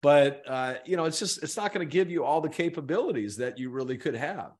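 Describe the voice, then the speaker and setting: A middle-aged man, a guest in an interview, telling an animated story and acting out the people in it. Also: a little high, fairly quick.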